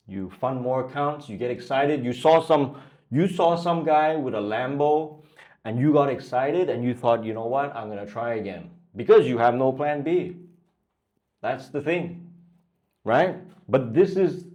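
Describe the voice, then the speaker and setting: A man's voice: mid-range voice, darkish tone. A man coaching traders in a blunt motivational talk. He swears freely and keeps pushing the listener with repeated questions. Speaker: trading coach.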